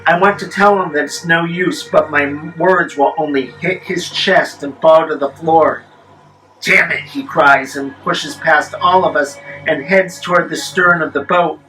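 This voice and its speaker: A man telling a spooky story in the first person, measured, with wry deadpan asides. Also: a little high, faint music behind, rough recording.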